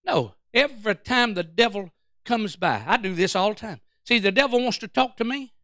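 A man preaching a fervent sermon as pastor, calling out to the congregation and shifting between shouting and quiet storytelling. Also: high-pitched, lively intonation, moderate pace, dry recording, clean studio sound.

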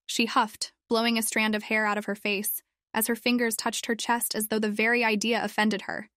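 A woman reading a fan fiction story aloud in an expressive narrating voice. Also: fairly high pitch, normal speed, dry recording, clean studio sound.

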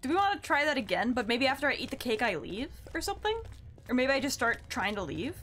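High excitable young woman streamer. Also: fast. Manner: jumpy, excitable, shrieks when scared. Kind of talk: horror game let's play. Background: game music.

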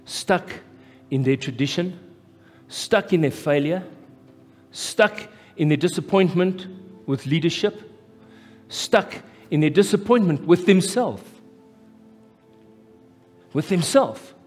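A man with a South African accent preaching a live sermon as pastor, impassioned and rising to loud, emphatic peaks. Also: a little high, lively intonation, slow pace, slightly rough. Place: church hall, live. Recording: echoey church hall with faint music.

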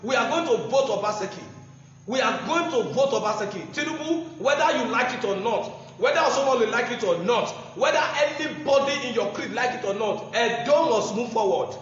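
A man's voice: very high-pitched, animated, brisk, fairly bright tone. A man with a Nigerian accent gives a combative, mocking political address and repeats phrases for emphasis. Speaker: political speaker. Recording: echoey room, dull lo-fi sound, faint noise.

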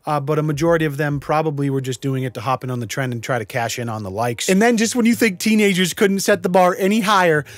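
A man's voice: a little high, fast talker, few pauses, dry recording. A man hosting a sarcastic commentary video, swearing casually and scoffing at what he covers. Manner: sardonic, swears casually, laughs in disbelief. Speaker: YouTube commentary host. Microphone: studio microphone.

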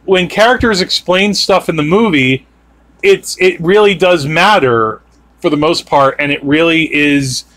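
A man's voice: fairly high pitch, measured pace, fairly bright tone. Rambling man in casual podcast chat. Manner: rambling, lots of fillers like "like" and restarts. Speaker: podcast host.

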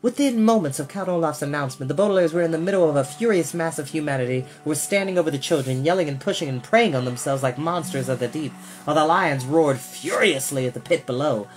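A man reading a children's novel aloud, expressive and doing voices for the characters. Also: a little high, fast, faint music behind. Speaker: storyteller.

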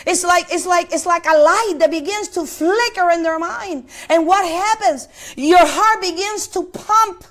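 A woman's voice: extremely high pitch, unhurried, hardly any pauses, a bit bright. A woman preaching a sermon, asking the congregation questions and repeating words as she searches for the next phrase. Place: place of worship.

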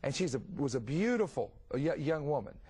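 A middle-aged man hosting a Christian television talk show, telling stories with energy and asking quick follow-up questions. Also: a little high, sing-song, darkish tone, breathy edge. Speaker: TV ministry host. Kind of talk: conversational religious TV talk.

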